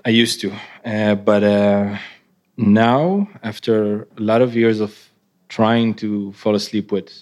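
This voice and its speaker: Laughing low-voiced man, halting English. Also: steady tone, a little mellow. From Israel. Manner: halting, laughs often, non-native English phrasing. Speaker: interviewed artist. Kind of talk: casual onstage conversation.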